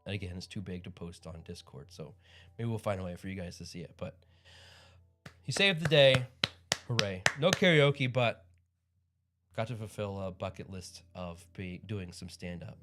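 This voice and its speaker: A man's voice: low-pitched, animated, normal speed, over music. A man hosting a livestream in casual chat, rambling and upbeat with frequent chuckles. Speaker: livestream host.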